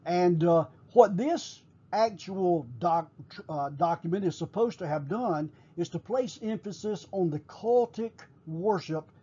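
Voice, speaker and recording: A man teaching a recorded class, explaining at a measured pace with frequent pauses and fillers. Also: sits high, warm tone, breathy edge, muffled recording.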